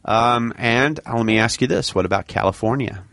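This Alabama-born man co-hosts a podcast and presents segments, teasing and bantering casually while he explains topics and reads quotes out loud. He talks at a normal speed in a mid-range voice that is creaky and a bit bright. The recording is dry studio sound without any room echo.

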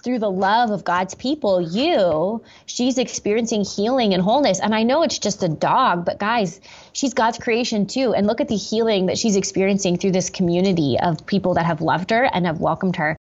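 A woman's voice: mid-range voice, moderate pace, a little mellow, dull audio. A woman pastor telling a personal story in an interview, earnest and reflective, with many fillers and restarts.

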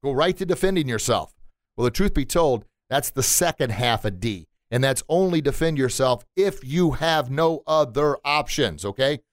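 A man who runs a martial arts school, hosting a motivational podcast with an animated manner, acting out voices and laughing at himself. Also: medium pitch, normal speed, dry recording, studio quality. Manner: animated, acts out quotes and sounds, laughs at himself.

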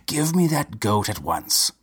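A scornful, hot-tempered nobleman barking at his men, voiced by a husky-toned man reading the story aloud. He sounds slightly raised and impatient, with a hoarse, breathy grain that stays through the telling. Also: on the low side, very animated, unhurried, heavily acted. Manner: shouting, scornful. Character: hot-tempered, cruel nobleman hunting a dragon.

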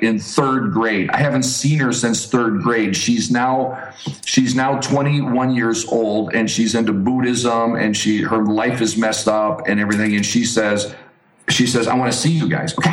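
A man being interviewed as a street evangelist, telling a story with animated energy and frequent restarts. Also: medium pitch. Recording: roomy echo.

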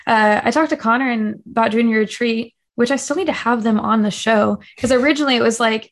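A woman's voice: on the high side, fairly quick, few pauses. A young woman as a podcast guest, chatting casually and acting out quotes with lots of fillers. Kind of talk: casual interview chat.

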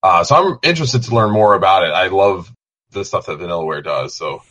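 Easygoing co-host, man, low husky voice, animated intonation. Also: fairly quick. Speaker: podcast co-host. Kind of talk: casual podcast chat.

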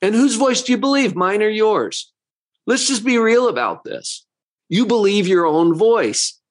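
A man's voice: high voice, animated, unhurried. A man who works as a psychologist giving a motivational talk, full of rhetorical questions, with a conversational and emphatic manner.

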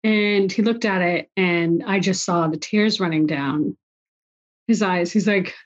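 A woman's voice: mid-range voice, measured pace. Woman in her forties, slightly dull audio. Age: 40s. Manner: emotional, storytelling with quoted dialogue. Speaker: guest. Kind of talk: conversational interview.

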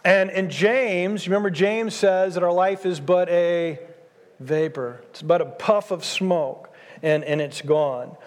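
Slow and high-pitched, a man in his sixties delivers a sermon as a pastor, pressing his points emphatically and repeating key phrases. The sound carries a long hall reverb.

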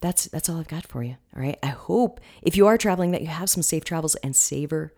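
A woman's voice: low-pitched, animated, fairly quick, a little mellow. A woman hosting a wellness podcast in a casual solo talk, with a groggy morning voice, chatty and often checking in with the listener.

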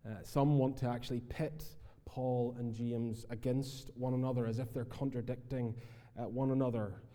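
A Northern Irish man gives a sermon in an easygoing, conversational way, often filling pauses with "uh". His voice is very dark and mellow. A long church-hall reverb trails after each phrase. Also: mid-range voice, flat delivery. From Northern Ireland. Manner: conversational preaching with frequent "uh" fillers. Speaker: minister.

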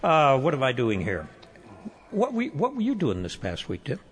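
Lively, jokey male car radio host. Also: medium pitch, normal speed. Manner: lively, jokey, rambling with restarts. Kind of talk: casual car talk radio chat. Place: radio studio.

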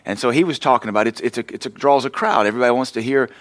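A man's voice: mid-range voice, fast, dry recording. A man pastor delivering a conversational sermon lesson, mixing scripture with personal stories told against himself. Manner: conversational preaching with self-deprecating stories. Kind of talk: sermon teaching.

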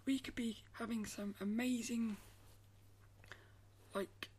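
An artist vlogger talks casually to camera in a somewhat high, steady voice, taking things slowly. She's soft-spoken, often dropping to a breathy half-whisper, rambling and restarting phrases. There's a little hiss or hum in the recording.

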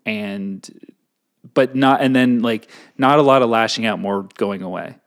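A man co-hosting a casual talk show, his voice middle-pitched. He rambles and mocks himself, trailing off and restarting his sentences. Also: unhurried. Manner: rambling, self-mocking, many restarts. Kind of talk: casual chat.

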